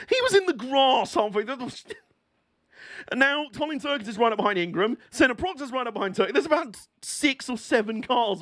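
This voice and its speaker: High-voiced, excitable man. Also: dry recording, studio quality. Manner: excitable, sweary, laughs often. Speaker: streamer. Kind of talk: live watch-along race commentary.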